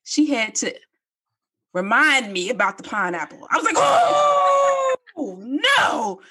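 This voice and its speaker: A woman, co-hosting a podcast in casual chat and telling stories with high-pitched quoted voices. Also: animated, moderate pace, noisy background. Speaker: podcast co-host.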